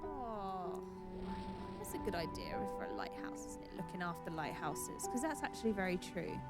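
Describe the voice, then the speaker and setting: A woman's voice: lowish voice, huge pitch swings, normal speed. A woman streaming a video game, chatty and exclaiming, who mocks herself as she plays. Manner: chatty, exclaiming, self-mocking. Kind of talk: gaming stream commentary. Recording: game music behind.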